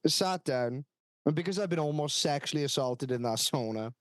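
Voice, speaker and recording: A man's voice: on the high side, lively intonation, normal speed. A man on a podcast, telling stories animatedly, laughing and swearing often. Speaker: podcast co-host. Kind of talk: casual storytelling chat.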